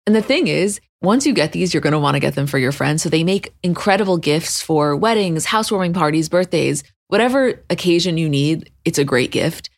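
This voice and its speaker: A woman's voice: expressive, brisk, creaky, few pauses, no room sound. A woman reading an upbeat sponsor ad in a casual host-read style. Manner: upbeat sales pitch. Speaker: ad reader.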